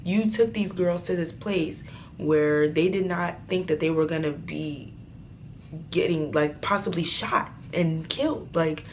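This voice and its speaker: Brief: young woman vlogger, low-ish voice, vivid cursing storyteller, faint room hiss. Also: a little slow. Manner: animated, profane, dramatic retelling. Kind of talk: storytime vlog.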